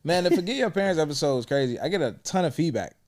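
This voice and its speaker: A man's voice: a little high, big pitch swings, very fast, a little mellow. Candid, profane young man hosting a podcast. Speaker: podcast host. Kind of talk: casual chat.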